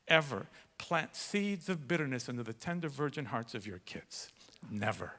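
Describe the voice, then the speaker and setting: A man preaching a sermon as a pastor, telling a story in an animated way that swings from hushed to shouting. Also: fairly high pitch. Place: large church hall. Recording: long hall reverb.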